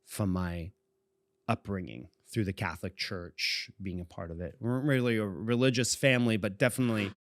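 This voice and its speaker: A man's voice: lowish voice, fairly quick, dry recording. A man in his forties from Boston, co-hosting a podcast and telling a long personal story in a meandering way, chuckling often. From Boston, USA. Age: 40s. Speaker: podcast co-host. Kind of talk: casual storytelling.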